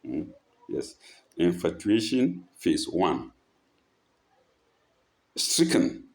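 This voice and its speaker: A man with a low, dark voice reads a passage aloud in an unhurried way. He repeats key phrases and stops to explain them, and his pitch rises and falls a lot. The delivery sounds like a teacher talking a group through a text. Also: huge pitch swings. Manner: breaks off to mimic speakers in a raised voice. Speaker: religious teacher. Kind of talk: reading aloud and commenting.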